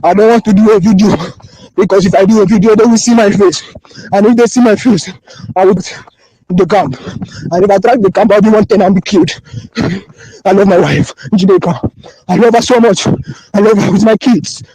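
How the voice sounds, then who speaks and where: A man's voice: high voice, fairly quick, dark tone, slightly rough, no echo, poor audio. A man with a Nigerian accent recording an impassioned voice note on his phone, pleading and repeating himself with emotion. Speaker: voice-note sender.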